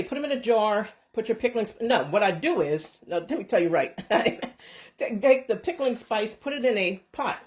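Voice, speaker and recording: A woman hosting a casual home cooking vlog and filming herself on a handheld phone. She talks in a chatty, rambling way, keeps correcting herself, and blesses her viewers warmly. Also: medium pitch. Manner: chatty and rambling, with frequent restarts and self-corrections. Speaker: home cooking and canning channel host. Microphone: handheld phone camera.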